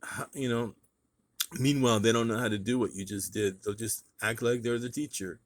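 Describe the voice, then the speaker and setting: A man's voice: medium pitch, steady tone, moderate pace, dry recording. A man speaks straight to his viewers in a casual vlog monologue. His voice sits in an ordinary middle range. He rants emphatically and circles back to the same points over and over. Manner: emphatic, ranting, repeats points. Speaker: vlogger.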